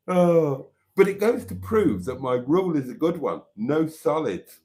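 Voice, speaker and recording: A man's voice: fairly high pitch, expressive, a little slow, warm tone. A man hosting a casual live stream, rambling and self-mocking and laughing easily.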